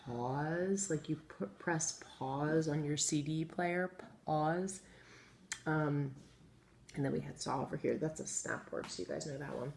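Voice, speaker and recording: Woman teacher for a kids' phonics lesson; low, slightly gravelly voice, patient, encouraging, spells words out slowly. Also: a little mellow. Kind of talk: phonics lesson for young children. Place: classroom with chalkboard. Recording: echoey room, faint ambient noise.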